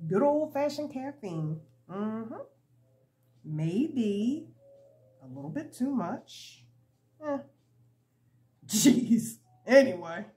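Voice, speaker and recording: A woman's voice: on the high side, drawn-out words, long pauses. A woman hosting a crochet video, chatting casually and laughing often as she works at home. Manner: giggly, chatty, animated storytelling. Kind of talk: casual chat while crocheting. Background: soft lo-fi hip-hop music.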